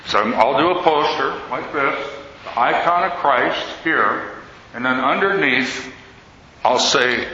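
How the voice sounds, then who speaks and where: An older man, an Orthodox priest, giving a talk in sermon style and telling stories with lively quoted voices. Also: medium pitch, slow. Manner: storytelling, animated quoting of others. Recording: echoey hall, slightly dull sound, faint noise.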